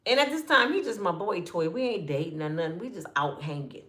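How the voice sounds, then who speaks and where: A woman telling a personal story in casual slang, often addressing listeners as y'all and acting out what people said, dropping to a hush or rising with feeling. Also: lowish voice, brisk. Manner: animated, acts out quotes with hushed and raised voices. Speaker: storyteller speaking to her audience.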